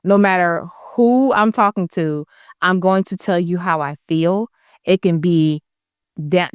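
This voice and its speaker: A woman's voice: lowish voice, clear, resonant tone, no room sound, clean studio sound. A woman guest on a podcast, telling her own stories in a blunt, emphatic, candid way. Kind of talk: candid conversational storytelling.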